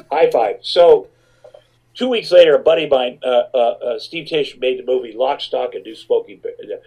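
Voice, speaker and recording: A man's voice: mid-range voice, lively intonation, normal speed, warm tone, poor audio. A man telling a rambling, profane comic anecdote, often repeating his words as he goes. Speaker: storyteller.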